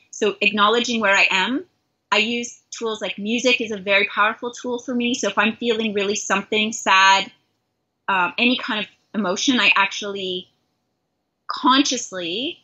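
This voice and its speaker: A middle-aged woman from Canada talks as a life coach in an interview, earnest and openly self-reflective. Her voice is bright and forceful, with a breathy, husky grain, on a dull, lo-fi recording. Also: mid-range voice.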